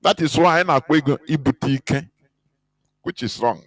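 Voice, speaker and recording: A man's voice: fairly high pitch, unhurried, no echo, rough recording. A man giving an impassioned, scornful radio talk, emphatic and mocking. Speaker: radio broadcaster.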